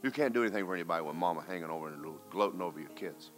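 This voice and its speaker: A man preaching a sermon as a pastor, telling a personal story and swinging between loud, urgent exhortation and hushed, quiet recounting. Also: low voice, expressive, racing, soft background music.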